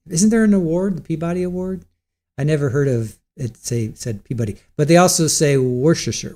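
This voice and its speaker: A man's voice: on the high side, normal speed, dark tone. Chatty man hosting a livestream. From Ohio, US. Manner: chatty, reads out viewer comments. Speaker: livestream host. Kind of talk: casual live-stream chat.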